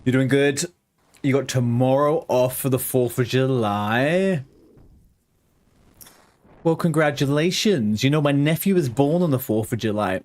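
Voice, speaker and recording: A man's voice: mid-range voice, a little slow, pauses often, darkish tone. Casual man streaming a game. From England. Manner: loose, rambling banter with chat, swears casually. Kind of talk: casual live-stream chat while gaming.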